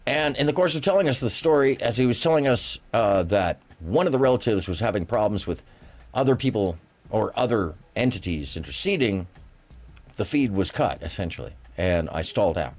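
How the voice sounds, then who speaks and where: A man's voice: lowish voice, animated, a little fast. A man hosting a casual call-in livestream, rambling, apologizing often and laughing easily. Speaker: livestream host.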